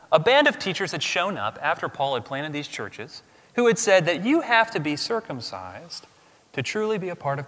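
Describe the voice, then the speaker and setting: A man preaching a sermon as pastor, emphatic, swinging from loud declarations to hushed asides. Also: fairly high pitch. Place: church sanctuary. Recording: long reverb of a large hall.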